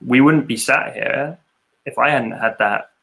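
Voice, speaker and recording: A man's voice: mid-range voice, measured pace, fairly bright tone. A man, hosting a webinar interview in a casual, easygoing way. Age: 30s. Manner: laughs easily, casual. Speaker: host.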